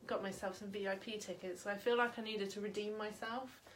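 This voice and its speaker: A woman interviewing a guest in a home, telling stories in a lively, self-mocking way. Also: mid-range voice, fairly quick, a little hiss or hum. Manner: animated, self-mocking storyteller. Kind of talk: casual chat. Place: home living room.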